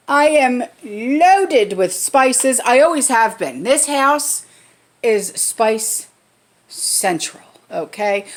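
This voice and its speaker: A woman in her forties chatting casually in a pantry vlog from her home kitchen, often checking in with the viewer. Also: on the high side. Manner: chatty, keeps checking in with "okay?". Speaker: vlogger. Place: home kitchen, cooking while talking.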